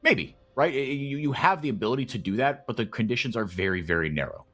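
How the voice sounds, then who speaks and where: A man calling esports play-by-play, chatty and rambling, who gets loud and excited when fights break out. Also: mid-range voice, fast talker, faint music behind. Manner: excitable, rises sharply in big fights. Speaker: play-by-play caster.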